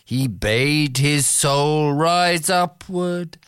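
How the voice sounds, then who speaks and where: A man reciting verse slowly and dramatically, sometimes dropping to a whisper. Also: fairly high pitch, fairly bright tone, clean tone, dry recording, clean studio sound. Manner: intense, declamatory, with sudden whispered passages. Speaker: poetry reciter. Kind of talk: slow dramatic poetry recitation.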